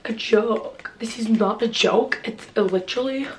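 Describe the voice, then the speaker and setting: A woman's voice: fairly high pitch, unhurried, slight background noise. Chatty young woman vlogging. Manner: chatty, lots of "like" and "um", laughs and swears freely. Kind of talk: casual vlog chat to camera.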